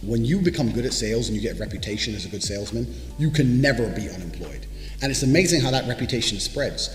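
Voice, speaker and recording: A man's voice: medium pitch, animated, quick pace. A young man giving a brash, boastful monologue to camera, swearing freely as he speaks. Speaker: motivational speaker. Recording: echoey room with long reverb, faint music.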